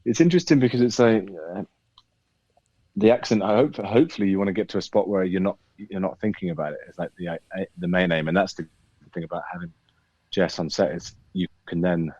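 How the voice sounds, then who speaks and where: A British actor chatting in an interview, talking thoughtfully with lots of restarts and hedges. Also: male voice, sits low, a little fast, a little mellow, slightly rough, no room sound, highs cut off. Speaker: actor guest. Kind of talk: casual interview chat.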